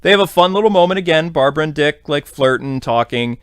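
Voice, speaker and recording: A man's voice: on the high side, animated, fast, smooth, dry recording, clean studio sound. A man hosting a podcast, giving a casual, rambling episode recap full of fillers. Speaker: podcast host.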